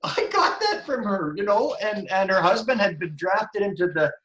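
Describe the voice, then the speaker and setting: A man's voice: high-pitched, very animated, normal speed, a bit bright, low-quality recording. A man in his seventies sharing an earnest, rambling reflection in a group discussion, full of restarts. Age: 70s. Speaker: forum participant.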